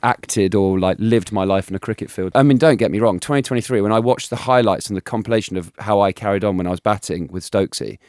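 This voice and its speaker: Lively man, low dry voice. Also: fast talker, hardly any pauses, no echo. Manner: animated, laughing anecdotes with many restarts. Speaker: guest, former cricketer. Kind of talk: casual storytelling interview.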